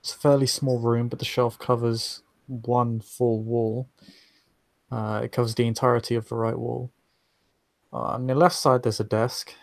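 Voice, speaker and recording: Gravelly-voiced man running a tabletop game. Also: mid-range voice, little pitch movement, no room sound. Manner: halting, many filler sounds. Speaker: game master.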